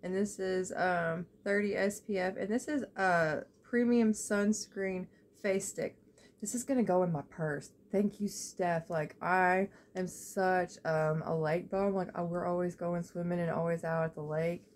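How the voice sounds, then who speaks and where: A young woman, chatting excitedly as she unboxes beauty products, full of "like" and "y'all". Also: lowish voice, a little slow, slight background noise. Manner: gushing and excitable, lots of "like" and "y'all". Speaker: beauty vlogger. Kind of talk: casual unboxing chat.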